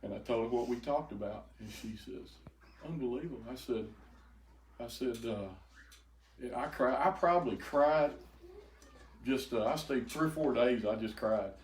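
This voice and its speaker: An older man telling an emotional personal testimony to a group, halting and repeating words as he goes. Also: medium pitch. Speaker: speaker giving a testimony. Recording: echoey room, faint noise.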